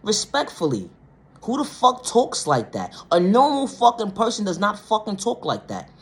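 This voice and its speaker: A woman vlogger delivering a blunt, profane monologue rant, swinging between low, quiet stretches and loud, high outbursts. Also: huge pitch swings, normal speed. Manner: blunt, profane, repeats "ma'am, sir" and "respectfully".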